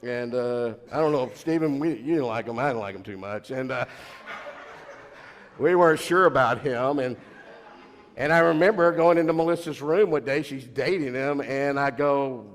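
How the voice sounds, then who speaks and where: Rambling middle-aged pastor telling family stories. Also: male voice, medium pitch, animated, brisk. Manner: rambling storyteller who repeats and restarts, laughing at his own stories. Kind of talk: anecdotal sermon. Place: church sanctuary. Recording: long church reverb.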